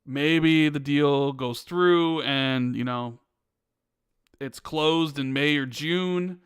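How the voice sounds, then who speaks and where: A man with a high, bright voice and a crisp, clear tone, hosting a casual gaming podcast. He talks in an animated, ranting way with lots of restarts, and the recording sounds dry and close. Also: very slow, no echo. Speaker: podcast host.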